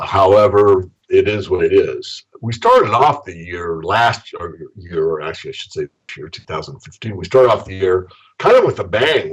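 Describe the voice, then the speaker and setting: Man, deep voice, husky, measured talk with many fillers, interview guest, lo-fi sound. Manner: measured, with frequent fillers and restarts. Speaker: guest, precious metals analyst. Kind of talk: interview on a podcast.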